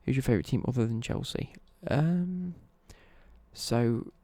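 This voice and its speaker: Young male streamer, casual and rambling, gravelly low rasp, dry close sound, answers viewer chat. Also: expressive, unhurried, dark tone, no room sound. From East Midlands, England. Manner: rambling, chatty, with swearing and self-corrections. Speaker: live streamer.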